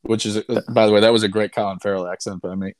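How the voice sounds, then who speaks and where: A man's voice: on the low side, fairly even intonation, racing, no echo, studio quality. A young man casually and sarcastically recapping a movie he disliked, rambling and swearing as a podcast co-host. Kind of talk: casual chat.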